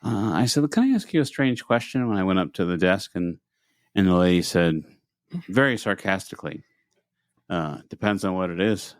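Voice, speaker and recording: Male podcast co-host, low voice, animated storyteller who voices the people he quotes, dry recording. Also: normal speed, no room sound. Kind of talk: casual storytelling chat.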